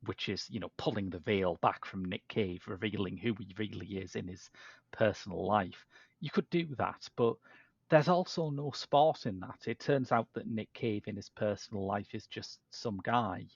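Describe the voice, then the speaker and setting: Gravelly low-voiced man, dull dry sound. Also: moderate pace, no room sound. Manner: chatty, talks in restarts and asides. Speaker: podcast host. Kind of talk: casual film discussion. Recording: dull dry low-fidelity podcast audio.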